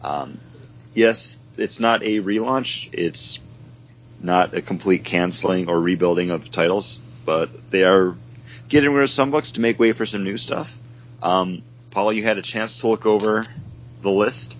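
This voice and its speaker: Low-voiced, dry-witted man. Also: a little slow, muffled recording. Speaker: podcast co-host. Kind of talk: casual group chat.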